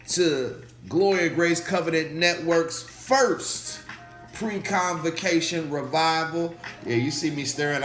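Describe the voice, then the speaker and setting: A slightly hoarse man, a pastor hosting a faith livestream, talking casually and animatedly, repeating phrases and calling out to viewers in the chat. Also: a little high, a bit bright. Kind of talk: casual livestream preaching talk. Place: indoor room, livestream. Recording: echoey room with faint music.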